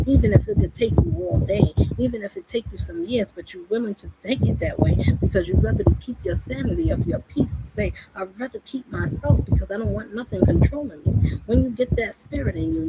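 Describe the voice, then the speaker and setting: A woman delivers an impassioned sermon full of rhetorical questions. Her gravelly voice rises and falls widely as she presses her points. A loud background noise runs under her the whole time. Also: fairly high pitch. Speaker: spiritual speaker. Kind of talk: preaching monologue.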